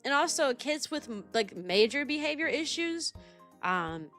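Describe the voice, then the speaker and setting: A woman's voice: sits high, unhurried, soft background music. A young woman streaming as a kindergarten teacher, chatting casually and animatedly with many fillers. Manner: rambling and animated, many fillers, laughs often. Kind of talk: casual livestream chat.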